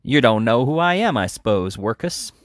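A man's voice: mid-range voice, big pitch swings, moderate pace, no room sound, clean studio sound, close to an everyday voice. A man reading aloud and voicing a bullying teenage charity boy who talks coarse and threatening street talk.

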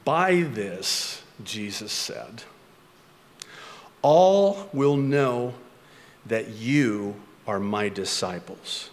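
A man's voice: fairly low pitch, expressive, very slow, in a large hall. A male pastor preaching a sermon, full of rhetorical questions and self-mocking humor.

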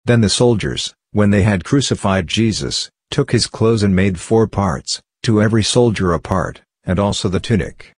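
A man giving a steady, measured scripted Bible reading. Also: fairly low pitch, slightly rough, no room sound. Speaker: scripture reader.

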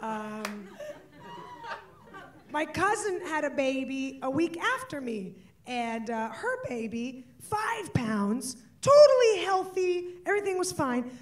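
A woman performing a stand-up comedy set, breaking into shouts and laughter. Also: sits high, big pitch swings, takes it slowly, far from the mic. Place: stage before an audience.

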